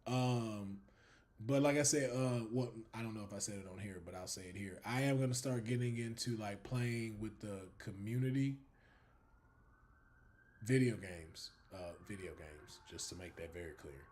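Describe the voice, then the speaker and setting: A man hosting a casual livestream, chatting to viewers in a lively way, laughing, swearing freely and trailing off into drawn-out fillers. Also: on the low side. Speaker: livestream host.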